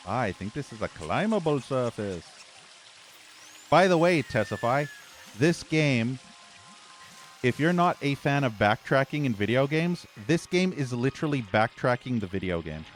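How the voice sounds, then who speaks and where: A man doing let's play commentary, ranting at the game with a profane, exasperated edge. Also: mid-range voice. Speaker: gaming channel host.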